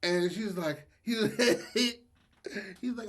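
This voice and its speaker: Dude on a podcast, kinda high voice, slangy, laid-back storytelling. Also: male voice, slow pace, fairly bright tone. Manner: slangy, loose, full of fillers and laughs. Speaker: podcast co-host. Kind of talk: casual storytelling chat.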